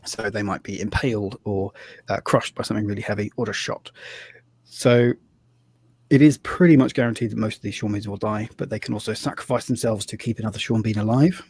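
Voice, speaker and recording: A man with a husky voice hosts a live tabletop role-playing stream, setting up the game. He talks casually and loosely, stopping to restart sentences and dropping in fillers as he goes. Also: lowish voice, steady tone, a little fast, a little mellow. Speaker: host and game master.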